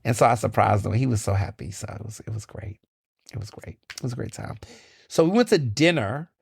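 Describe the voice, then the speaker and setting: A man hosting his own podcast, chatting casually and animatedly, telling stories with lively, high-pitched quoted asides. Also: fairly quick, creaky, slightly rough, no echo, studio quality. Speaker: podcast host. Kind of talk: casual solo chat.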